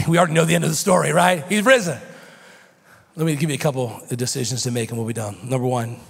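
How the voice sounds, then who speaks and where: A man preaching a sermon as pastor in a church, moving from quiet teaching to loud, shouted preaching. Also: medium pitch, gravelly, breathy edge. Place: church sanctuary. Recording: long hall reverb.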